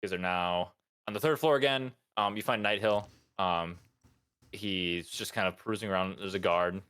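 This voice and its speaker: A man's voice: sits low, moderate pace, a bit bright, clear, resonant tone, dry recording. A man narrating as game master in a tabletop game, loose and hesitant with many fillers.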